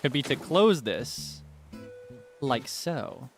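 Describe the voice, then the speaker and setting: A man's voice: medium pitch, big pitch swings, very slow, faint music behind. A man chatting casually to viewers while livestreaming a game, playful and teasing, with sudden melodramatic outbursts. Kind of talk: casual gaming livestream chat.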